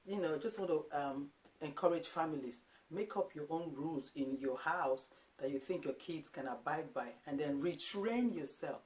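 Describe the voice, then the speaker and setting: A woman in her thirties from Africa, a parenting vlogger talking casually to camera, lively and quick to act out little quotes. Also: sits low. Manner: animated, acts out quotes of herself and her sons.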